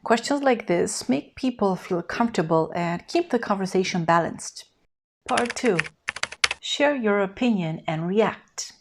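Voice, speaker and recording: Woman teaching English phrases clearly. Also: mid-range voice, a little slow. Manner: clear, even instructional delivery with modeled example phrases. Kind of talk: scripted language lesson.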